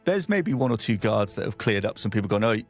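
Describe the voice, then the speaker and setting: Gravelly man running a tabletop game. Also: lowish voice, very animated, soft background music. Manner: laughs often, quick asides. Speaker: game master.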